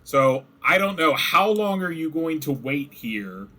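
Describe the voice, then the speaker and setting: A man's voice: a little high, sing-song, a little slow. A man narrating a tabletop game as game master, casual and chatty, over voice chat. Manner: casual, chatty, acts out goblin shouts.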